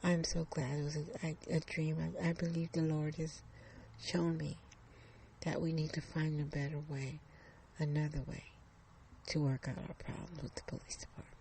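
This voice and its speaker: A woman's voice: low-pitched, flat delivery, moderate pace, mellow, a little hiss or hum. A woman voicing a shaken middle-aged mother. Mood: earnest. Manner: earnest, preachy.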